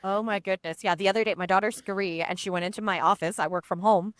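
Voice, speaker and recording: A woman's voice: mid-range voice, steady tone, fast talker, no room sound. A woman with a mid-range voice hosts a podcast and talks in a reassuring, easygoing way. The recording is close and dry. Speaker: podcast host. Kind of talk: casual podcast interview.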